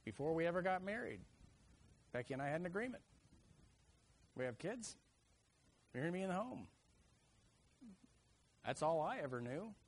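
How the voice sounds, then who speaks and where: A middle-aged man preaching a sermon, telling family stories and acting out children's cries with lively energy. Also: fairly high pitch, normal speed, long pauses, slightly rough. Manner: animated storyteller, acts out kids' shouts.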